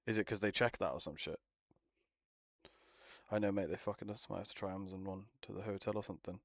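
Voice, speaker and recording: A man's voice: sits low, steady tone, quick pace. A young man bantering casually with friends as a streamer, teasing, swearing and laughing often.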